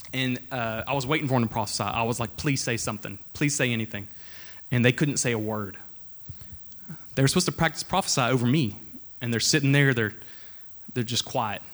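A man's voice: medium pitch, fairly bright tone. A young man preaching an informal sermon, telling a personal story in an earnest, conversational way before reading scripture aloud.

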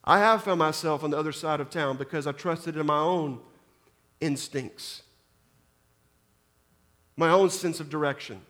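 A man's voice: on the high side, unhurried, pauses often, a bit bright, big-room sound. A man, a pastor, preaching a sermon, often restarting and repeating words as he speaks. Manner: preaching with frequent restarts and repetitions.

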